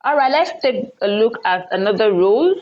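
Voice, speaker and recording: A woman teacher giving an online English lesson on word stress, patiently explaining rules and repeating example words loudly with raised pitch. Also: animated, moderate pace, highs cut off.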